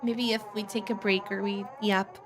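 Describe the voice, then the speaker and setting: A young woman streaming a visual novel and chatting live with her viewers, animated, with frequent gasps and laughs. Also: medium pitch, moderate pace, noisy background. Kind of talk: casual live-stream chat.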